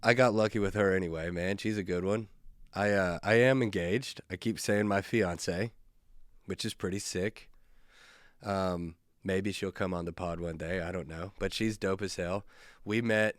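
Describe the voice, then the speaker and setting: Low-voiced laid-back comedian telling stories. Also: male voice, fairly even intonation, normal speed, dry recording, studio quality. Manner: laid-back, rambling, profane, self-mocking. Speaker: comedian and podcast host. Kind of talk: casual solo podcast storytelling.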